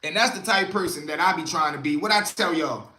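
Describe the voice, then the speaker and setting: A streetwise man hosts a casual livestream, telling stories from the street and calling out to viewers by name. His voice sits high and sounds bright and forward. An echoey room surrounds him. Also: quick pace. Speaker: livestream host.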